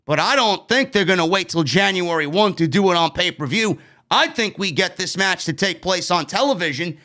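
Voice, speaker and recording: A man's voice: high-pitched, pushed and bright. A man reviewing a wrestling show in a casual, blunt way, swearing freely and sounding exasperated at what he dislikes. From New York. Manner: blunt, profane, exasperated commentary.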